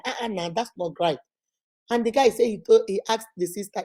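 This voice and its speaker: Nigerian accent, woman, middle-aged, vlog host, laughing storyteller, slightly high voice. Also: fairly quick. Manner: animated storytelling, laughing, rhetorical questions. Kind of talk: casual vlog monologue.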